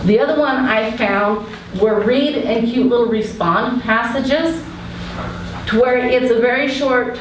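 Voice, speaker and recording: A woman's voice: on the high side, a little slow. A woman giving a casual class presentation about reading activities, sometimes reading a children's passage aloud in a sing-song way. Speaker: education student presenting. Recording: echoey classroom, distant mic, faint noise.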